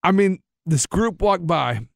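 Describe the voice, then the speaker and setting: High, gravelly man telling a story. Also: measured pace, dry recording, studio quality. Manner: animated storyteller, acts out other people's lines. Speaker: radio show co-host. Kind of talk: casual banter, storytelling.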